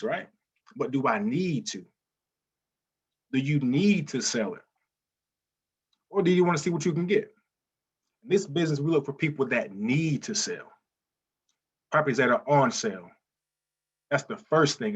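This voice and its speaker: A man teaching real estate wholesaling in a live webinar, energetic and repetitive, often saying "listen, man". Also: mid-range voice, slightly rough, muffled recording.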